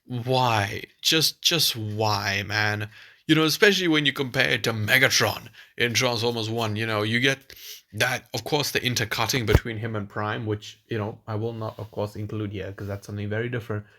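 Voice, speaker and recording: A man's voice: lowish voice, fairly even intonation, moderate pace, pushed and bright. A man giving a casual film review, rambling and exasperated, with many restarts.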